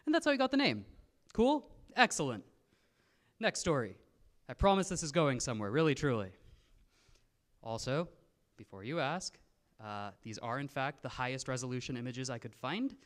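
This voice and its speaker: A man's voice: mid-range voice, very animated, normal speed, long pauses. A young man telling stories casually to a live convention audience, with jokey, slangy, self-mocking asides. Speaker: convention presenter. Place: convention room, in front of an audience.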